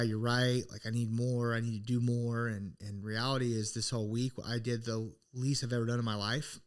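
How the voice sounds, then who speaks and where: Middle-aged man, podcast co-host, casual storytelling, earnest, reflective, mid-pitched voice. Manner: earnest, reflective, full of restarts.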